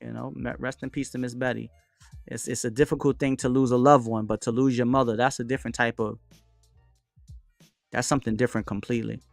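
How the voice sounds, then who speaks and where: A man's voice: mid-range voice, fairly quick, creaky, no echo. Guy hosting a live stream, laid back, chats and reads out comments, dry sound, a little music in the back. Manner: reads out and answers viewers' chat comments; relaxed, chatty, with frequent fillers and shout-outs. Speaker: livestream host. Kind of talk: casual livestream chat.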